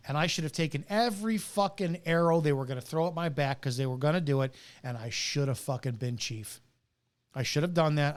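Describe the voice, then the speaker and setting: A middle-aged man, a retired police officer, delivering a bitter, profane, preachy rant with hard stressed words. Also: on the high side. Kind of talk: ranting monologue to camera.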